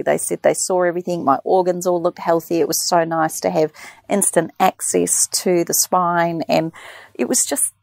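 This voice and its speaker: A woman telling a lively story in casual chat, acting out the people she quotes. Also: lowish voice, vocal fry, dry recording. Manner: animated storyteller, mimics nurses. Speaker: podcast guest.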